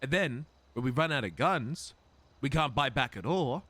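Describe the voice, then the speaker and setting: A man's voice: mid-range voice, expressive, moderate pace, sharp tone. A man speaking in character in a gang roleplay, exasperated and defensive, swearing and stammering when worked up.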